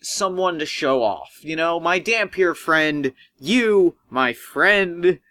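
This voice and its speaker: A man voicing a short, stout, overfriendly male doctor who gushes with excitement. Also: fairly high pitch, takes it slowly, no echo, full character voice. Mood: evasive. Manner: gushing, excitable.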